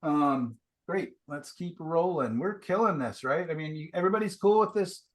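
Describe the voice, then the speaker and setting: A man's voice: on the high side, animated, normal speed. A man teaching a painting class, giving casual, enthusiastic feedback over a video call. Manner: casual, enthusiastic, chatty with fillers.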